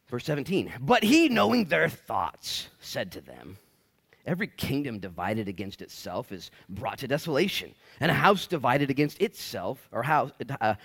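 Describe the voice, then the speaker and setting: A male pastor preaching a casual verse-by-verse sermon in a church, slangy and acting out quoted voices. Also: medium pitch.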